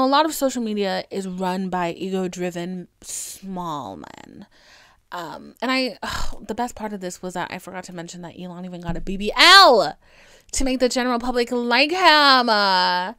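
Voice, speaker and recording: A young woman hosting a podcast, chatting in a sassy, laughing, animated way. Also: mid-range voice, clear, resonant tone, no echo, clean studio sound. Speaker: podcast host. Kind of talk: casual commentary.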